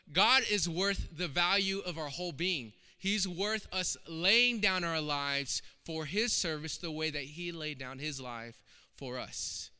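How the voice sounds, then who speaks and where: Impassioned high-voiced man preaching. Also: pushed and bright, smooth. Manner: emphatic and impassioned, with repeated phrases. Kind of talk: sermon. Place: church sanctuary. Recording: long hall reverb.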